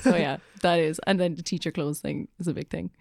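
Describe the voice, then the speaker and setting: Young Irish teacher, easygoing. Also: female voice, on the low side, fairly even intonation, brisk, gravelly, darkish tone, no room sound, studio quality. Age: young adult. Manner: laid-back, self-mocking, slips into voices. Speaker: Irish-language secondary teacher, guest. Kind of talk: casual podcast chat.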